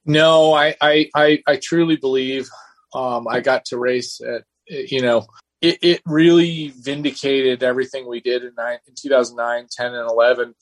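A man's voice: mid-range voice, fairly even intonation, normal speed. A man being interviewed, a race car driver telling stories in a loose, rambling way with many restarts. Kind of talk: casual storytelling interview.

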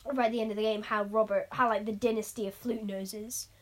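A woman's voice: mid-range voice, fairly even intonation, a little fast. A woman co-hosting a podcast, talking through a game in casual chat with a rambling, restart-filled manner. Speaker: podcast co-host.

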